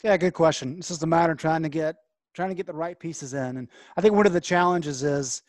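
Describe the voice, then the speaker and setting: A man analysing college football in casual talk, measured and thoughtful. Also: a little high, dry recording. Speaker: college football beat reporter.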